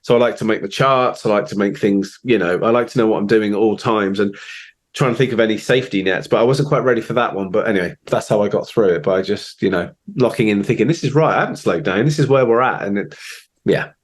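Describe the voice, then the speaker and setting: A man's voice: lowish voice, fast talker. A man, a drummer guest chatting casually and acting out quotes as he tells stories. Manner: animated storyteller, acts out quotes. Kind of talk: casual chat.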